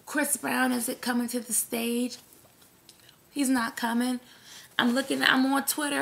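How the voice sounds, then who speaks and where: A woman from New York, hoarse from screaming, telling a long story in an animated, indignant, swearing rant with a New York accent. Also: high voice, measured pace.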